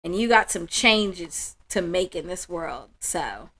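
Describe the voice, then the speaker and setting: The host of a spiritual livestream, this woman talks with viewers warmly and emotionally, offering affirmation in a slow, soft-spoken way. Her pitch is fairly low and her delivery animated.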